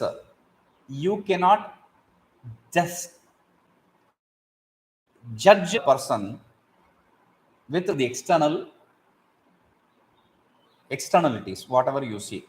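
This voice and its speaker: Animated man teaching scripture. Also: medium pitch, slow, pauses often, low-quality recording. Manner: animated, acts out examples, chants Sanskrit verses. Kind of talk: explaining Sanskrit verses in a class.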